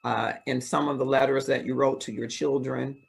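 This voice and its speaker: Calm man with a husky, gravelly voice. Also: mid-range voice, moderate pace. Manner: calm, affirming interviewer. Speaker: interview host. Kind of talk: interviewing a guest.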